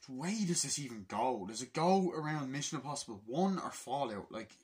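A man's voice: medium pitch, lively intonation, fairly quick, darkish tone. A man of twenty-two in a casual vlog, exasperated and swearing as he mutters to himself. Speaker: film collector vlogger.

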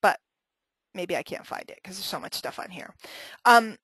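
A woman's voice: mid-range voice, lively intonation, moderate pace, a bit bright, husky, dry recording, rough recording. A woman hosting a live marketing webinar, chatty and joking, laughing often as she teaches. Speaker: webinar host and marketing trainer.

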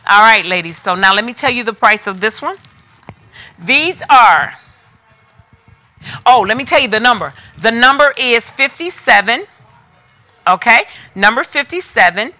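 A woman's voice: fairly high pitch, sharp tone. A woman hosting a live online sale. She talks in a chatty, familiar way, calls viewers by name and repeats prices eagerly. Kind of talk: live shopping sales pitch.

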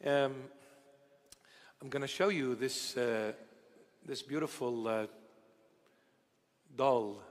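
A bishop giving a sermon, tender and playful in how he talks, now and then rising into loud outbursts, recorded in a church. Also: medium pitch, slow, pauses often. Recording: church hall reverb.

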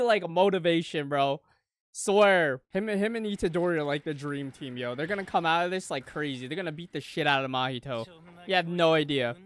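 A man reacting to an anime episode with excitable, profane slang, swinging between shouted outbursts and low mutters. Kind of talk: live anime reaction commentary. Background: faint anime soundtrack music.

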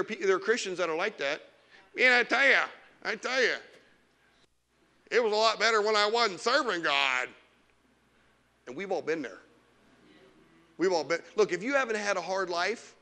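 A middle-aged male pastor preaching to his church with a very high, bright, forceful voice. He swings between loud, animated stretches and quiet asides, mocking the whining of complainers. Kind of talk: sermon. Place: church sanctuary.

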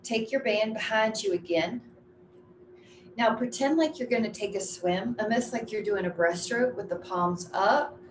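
Echoey woman fitness instructor counting reps. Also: mid-range voice. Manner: counting reps aloud with brisk, encouraging cues. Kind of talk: guiding an exercise class. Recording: echoey room with faint ambient noise.

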